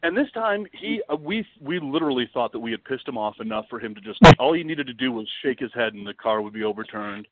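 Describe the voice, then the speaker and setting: A man guesting on a podcast, telling a travel story in a lively, dramatic way and swearing freely. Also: mid-range voice, quick pace, few pauses, a little hiss or hum. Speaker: podcast guest, wildlife video producer. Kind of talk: casual storytelling. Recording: dry, tinny phone-like line.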